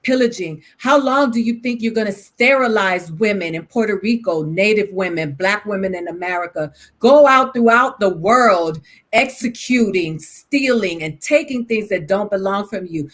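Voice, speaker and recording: A woman's voice: medium pitch, normal speed. A woman from Miami, a panel guest, speaking with fiery emphasis and piling up rhetorical questions. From Miami, Florida. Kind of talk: impassioned panel discussion.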